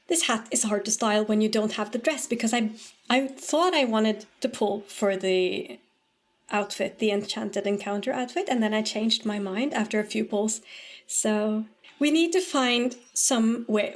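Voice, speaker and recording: A young woman with a light Norwegian lilt, chatting casually as a streamer while gaming, rambling and filling her talk with "um" and "like". Her voice sounds a little strained from a long day of talking. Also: medium pitch. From Norway. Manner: chatty and rambling, hesitant, with many "like" and "um" fillers.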